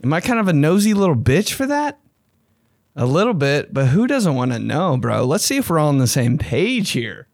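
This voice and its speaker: A man's voice: normal speed, dry recording. Young guy rambling on his podcast, swears a ton, voice swings all over, super dry close mic. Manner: excitable, swearing, slangy, jumps into high mocking voices when quoting. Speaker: podcast host. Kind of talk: casual podcast monologue.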